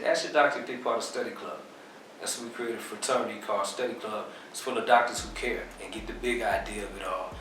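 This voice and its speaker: A man's voice: on the low side, far from the mic, a little hiss or hum. Echoey, off-mic man explaining casually. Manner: relaxed, explanatory, fillers like "uh" and "you know". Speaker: interview guest, business owner. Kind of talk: casual interview talk.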